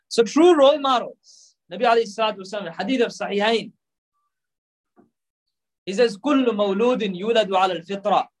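A man's voice: high-pitched, poor audio. A man preaching a sermon, emphatic and full of rhetorical questions. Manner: emphatic, rhetorical questions, mixes in Urdu and Arabic phrases.

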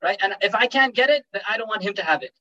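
Young male teacher for an informal religious talk. He speaks fast and in a high voice, loose and joking, with Urdu and Arabic phrases mixed in, captured dull and from a distance. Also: lively intonation, sharp tone. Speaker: Islamic teacher giving a talk.

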